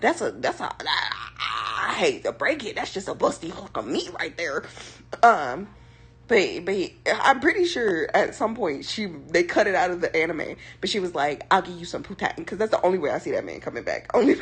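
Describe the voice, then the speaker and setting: A young woman streamer chatting casually, with sassy, slangy, rambling commentary in a breathy, husky voice. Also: mid-range voice. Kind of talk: casual chat.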